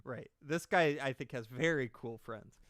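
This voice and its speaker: A man's voice: mid-range voice, unhurried, fairly bright tone, dry recording. A man doing casual reaction commentary, rambling and sarcastic with lots of swearing.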